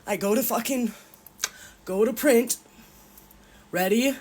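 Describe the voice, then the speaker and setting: A woman's voice: fairly high pitch, slow, darkish tone. A woman ranting angrily and swearing, crying as she talks. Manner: furious, swearing, tearful rant. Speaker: vlogger. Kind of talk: angry ranting vlog.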